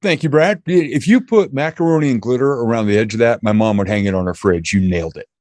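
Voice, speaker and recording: A man's voice: medium pitch, fast talker, a little mellow, no echo. A man from north of Boston with a slight Boston accent, an upbeat motivational speaker telling jokey stories as a guest. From an hour north of Boston. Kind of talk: casual interview chat.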